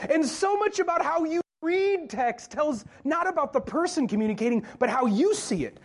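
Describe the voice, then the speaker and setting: A man with a notably high voice preaching in church. He talks loosely and conversationally, cracks jokes and keeps asking the congregation questions. The delivery feels like chatting with friends from the pulpit. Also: animated, normal speed, hardly any pauses. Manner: conversational, joking, asks the crowd questions. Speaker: pastor. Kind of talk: sermon.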